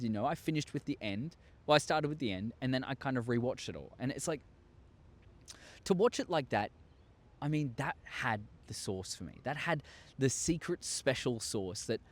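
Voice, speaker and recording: A young man telling a story to his viewers, excitable and acting out scenes with sound effects. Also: mid-range voice. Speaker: YouTuber. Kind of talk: casual storytelling monologue.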